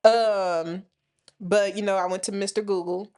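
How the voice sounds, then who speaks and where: A woman's voice: medium pitch, fairly even intonation, unhurried, a little mellow. A woman in her thirties or forties co-hosting a podcast, talking frankly and opinionated in casual chat, swearing freely. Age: 30s to 40s. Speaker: podcast co-host.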